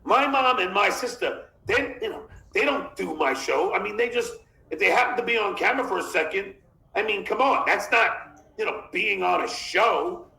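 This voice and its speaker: A man's voice: high voice, animated, moderate pace, creaky, sharp tone, echoey room, poor audio. A man hosting a podcast in casual chat, rambling and reading chat messages aloud. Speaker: podcast host.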